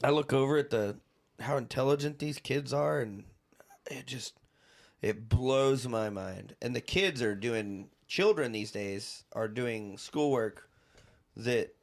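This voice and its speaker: Man, medium pitch, chatty podcast co-host, lively and quick to laugh. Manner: animated, laughs often, trails off. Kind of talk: casual chat.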